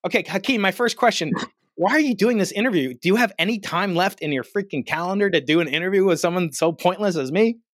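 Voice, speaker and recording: A man hosting a podcast interview, chatty and quick to laugh, with many fillers. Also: sits high, no echo, studio quality. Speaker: podcast host. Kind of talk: casual interview.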